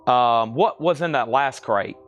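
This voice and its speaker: A man's voice: medium pitch, measured pace, dull audio, faint music behind. A man hosting a live record-sale stream, reading out items, prices and bids in a chatty, self-deprecating way.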